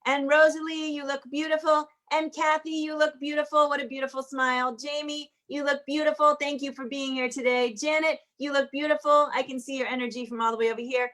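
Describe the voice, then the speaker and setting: A woman's voice: high voice, flat delivery, a little fast, hardly any pauses. A woman hosting an online show, closing it with chatty compliments for each person on the call. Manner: warm repetitive compliments, chatty. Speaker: host. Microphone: video call.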